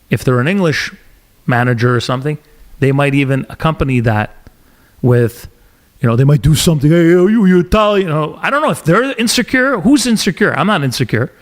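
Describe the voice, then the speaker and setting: A middle-aged man from Montreal hosts a casual podcast chat, recounting a story with lively emphasis. His pitch sits in an everyday middle register. He leans into his points and speeds up when he gets going. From Montreal, Canada. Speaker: podcast host.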